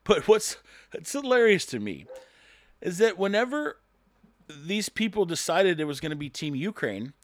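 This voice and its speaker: A man's voice: high-pitched, big pitch swings, normal speed, no room sound. A man, a construction worker, in a sarcastic, rambling opinion monologue to his viewers.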